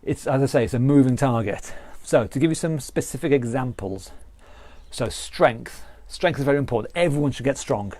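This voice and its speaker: A man's voice: mid-range voice, normal speed, a little mellow, no echo. Earnest British male fitness instructor. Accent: British English. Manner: earnest, repetitive explaining with restarts. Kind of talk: live online exercise class talk.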